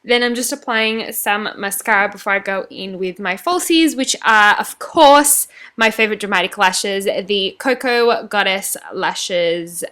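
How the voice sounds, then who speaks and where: Bright, smooth-voiced young woman vlogger. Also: mid-range voice, measured pace, few pauses. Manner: chatty and rambling, joking at her own slips. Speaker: beauty vlogger. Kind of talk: casual voice-over for a makeup tutorial.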